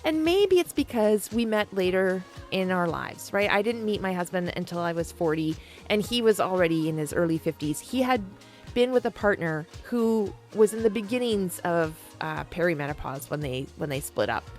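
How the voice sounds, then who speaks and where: A woman's voice: lowish voice, expressive, moderate pace, darkish tone, faint music behind. A woman in her forties hosting a podcast, talking frankly and playfully in a casual monologue and calling her listeners pet names. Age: 40s. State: perimenopausal. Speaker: podcast host.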